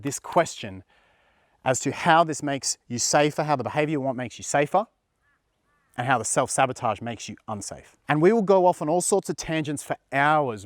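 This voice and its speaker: A man's voice: a little high, no room sound, studio quality. A man working as a dating coach, talking straight to the viewer in an earnest, emphatic way and repeating words when he stresses a point. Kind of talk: direct-to-camera coaching talk.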